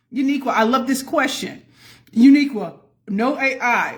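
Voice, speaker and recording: A woman hosts a live stream in a lively, swooping voice that sits on the high side. She greets viewers by name and keeps calling the audience y'all, like an easygoing chat. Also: a little fast, slight background noise. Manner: folksy, addresses the audience as y'all. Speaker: pitch coach hosting a live stream.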